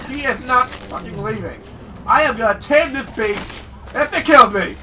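A man giving excitable let's-play commentary, often yelling and cursing at the game he is playing. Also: very high-pitched, normal speed, recorded from a distance, slight background noise. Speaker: gaming channel host. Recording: voice a bit off-mic over game music.

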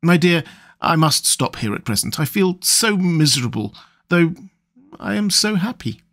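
A man's voice: fairly high pitch, big pitch swings, normal speed, a bit bright, heavily acted. Lucy, gushing young woman, read by a man. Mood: tearful. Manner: gushing, confiding. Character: young woman, sweet-natured, emotional, writing a letter. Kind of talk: audiobook reading.

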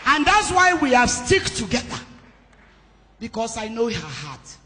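A woman pastor, telling a personal story in a sermon with emphatic, changing loudness. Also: on the high side, very animated, unhurried, a faint crowd, slight background noise. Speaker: pastor hosting a women's conference. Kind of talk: sermon testimony. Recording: long hall reverb.

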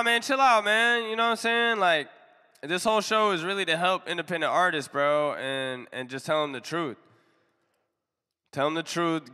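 Blunt, bright-voiced male music reviewer. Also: medium pitch, in a large hall. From United States. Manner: blunt, slangy, laid-back. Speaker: music review show host. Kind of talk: casual live-stream commentary.

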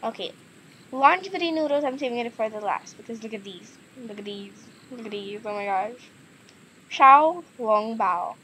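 A woman's voice: a little high, animated, moderate pace, pushed and bright, slight background noise, poor audio. A woman chatting casually in a vlog, giggling often and easily amused. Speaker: gaming and eating vlogger.

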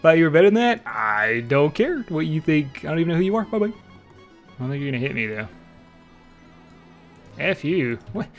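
Excitable young man commenting on gameplay. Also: fairly high pitch, moderate pace, long pauses, faint music behind. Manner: excitable, trash-talking, swings from mutters to shouts. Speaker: streamer playing an online game.

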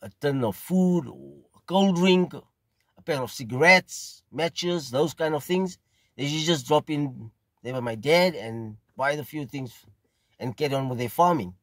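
A middle-aged man from South Africa with a South African accent, telling a casual, rambling story at an unhurried pace and often repeating phrases. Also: a little high, fairly bright tone, dry recording. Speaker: pipe smoking video host.

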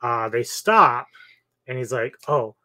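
A man's voice: mid-range voice, normal speed, pushed and bright, no echo. A man casually retelling a film's plot as a co-host, loose and chatty, acting out lines from the film. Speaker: movie reviewer, co-host.

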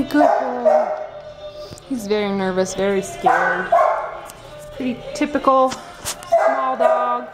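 High-voiced woman cooing to shelter dogs. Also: takes it slowly, long pauses, loud music behind the voice, poor audio. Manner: cooing baby-talk to animals. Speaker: shelter volunteer filming adoptable dogs. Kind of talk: casual vlog, talking to dogs. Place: indoor animal shelter kennels.

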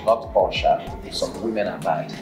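A man's voice: low-pitched, moderate pace, natural voice. An actor playing a blunt, scolding male friend in a film drama, speaking with a Nigerian accent and slipping into pidgin. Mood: gossiping. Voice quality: lively, exclaiming, mixes in pidgin. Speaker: Benjamin's friend. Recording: echoey room, faint music.

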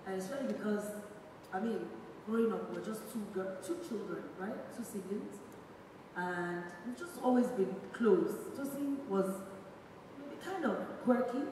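A woman in her thirties with a Nigerian accent gives a halting, rambling tribute to her late sister at a memorial event, full of fillers and restarts. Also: a little high, a little mellow, slight background noise. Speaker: bereaved sister giving a tribute. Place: large echoey event hall. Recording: echoey hall recorded from far off.

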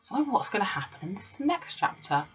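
A woman's voice: mid-range voice, big pitch swings, normal speed. A woman, a teacher, reading a children's book aloud to her class in a casual way, with fillers and corrected slips. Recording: dull lo-fi recording.

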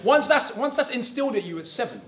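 A man giving an animated, conversational public talk at a conference, often checking in with the audience with "right?". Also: very high-pitched, quick pace. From England. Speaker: conference speaker. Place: conference hall. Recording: echoey hall.

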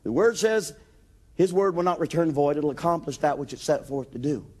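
Impassioned high-voiced male preacher. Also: fairly quick. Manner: impassioned, building to shouted declarations; acts out Bible scenes in quoted voices. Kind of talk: sermon.

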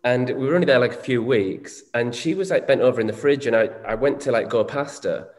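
Man, 40s, frank co-host, mid-pitched voice, echoey room. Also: a little fast, a little mellow. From Northern England. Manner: frank, reflective, swears casually. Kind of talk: candid conversational chat. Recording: echoey room with long reverb.

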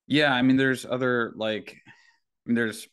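A young man from North Florida talking in a casual podcast conversation, halting, with many filler words. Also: medium pitch, fairly even intonation, fairly bright tone, smooth. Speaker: podcast guest or host.

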